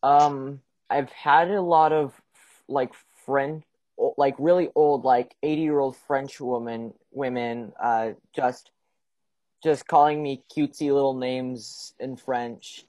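A man's voice: medium pitch, fairly even intonation, slow, a little mellow, no room sound. A teenage boy hosting a podcast from his room at home, chatting eagerly and playfully, often stumbling and restarting his words. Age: teens. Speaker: podcast host. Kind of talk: casual chat. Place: home bedroom.

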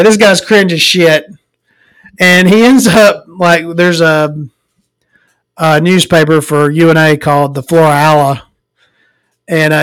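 A woman's voice: fairly low pitch, no echo, low-quality recording. A woman who hosts a podcast from home, ranting casually and profanely with frequent chuckles. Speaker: podcast host. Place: at home with her dog.

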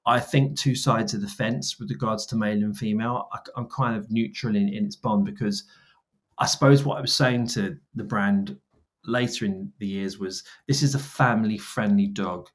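A man in his forties, a guest on an interview podcast, telling stories with lively quoted dialogue. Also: on the low side, normal speed. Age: 40s. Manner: animated, acts out dialogue in quoted voices. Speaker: guest, brand founder. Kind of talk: storytelling interview answers.

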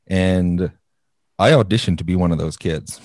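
A man's voice: deep voice, normal speed, darkish tone, dry recording. A man in his late twenties, co-hosting a podcast in casual chat and telling stories about himself with a lot of laughter. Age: 20s. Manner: laughing, self-deprecating storyteller. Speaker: podcast co-host.

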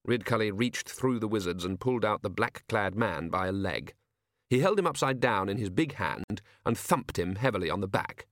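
A man narrating a comic fantasy audiobook in a lively, expressive reading. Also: on the low side, normal speed, no room sound, studio quality. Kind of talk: scripted narration.

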